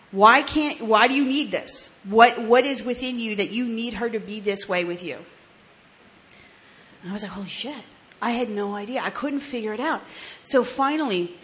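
A woman in her 30s from New Jersey, US, frankly tells her own recovery story as candid personal testimony. Her voice is medium-pitched and fairly bright, and she's blunt and swearing, restarting and laughing along the way.

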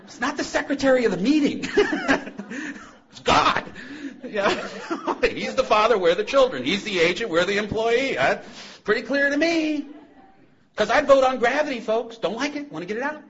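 Another recovery-meeting speaker, this man has a very high voice and talks at normal speed while sharing his personal testimony. He's an animated storyteller who laughs a lot, then falls to a hush, heard through a muffled lo-fi recording.

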